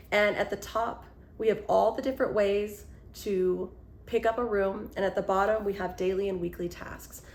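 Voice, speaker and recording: A woman author telling a personal story, then walking through a product step by step in a casual, encouraging way. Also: mid-range voice. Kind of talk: casual explanatory talk to camera.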